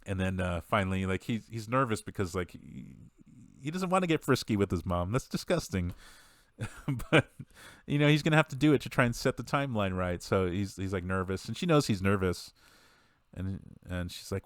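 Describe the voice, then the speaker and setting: A man's voice: sits low, animated, moderate pace, no room sound, clean studio sound. A man on a podcast mic, casually recapping a movie in a rambling way, laughing and acting out the quotes. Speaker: podcast co-host.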